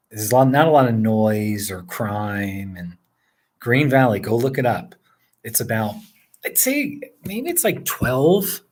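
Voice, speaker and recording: A man in his forties from northern New Jersey, chatting casually and rambling with viewers, chuckling often as he answers their questions. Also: fairly low pitch. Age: 40s. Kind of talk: casual live chat. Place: indoors at home.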